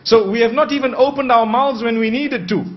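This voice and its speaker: A man preaching a sermon, measured and posing rhetorical questions he then answers. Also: very high voice, steady tone. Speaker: Islamic preacher. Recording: dull lo-fi recording.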